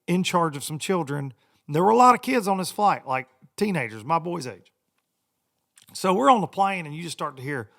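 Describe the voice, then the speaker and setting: A middle-aged man, hosting a podcast and telling a rambling story, laughing often and doing loud mocking voices. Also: fairly high pitch, big pitch swings, fairly quick. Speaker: podcast host. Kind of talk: casual storytelling monologue.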